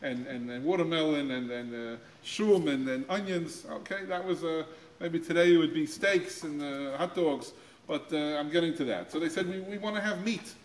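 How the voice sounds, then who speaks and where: Man giving a lively Torah talk. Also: moderate pace, reverberant, rough recording. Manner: acts out quoted voices with pitch jumps; repeats words while finding phrasing. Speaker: guest speaker. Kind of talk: Torah talk to high school students. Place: school room.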